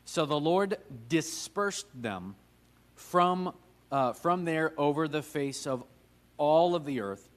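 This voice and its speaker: Expressive and slow-paced, this man's fairly high voice carries through a church classroom during an informal Sunday Bible lesson. He jokes around, chats with those present, and quizzes the class.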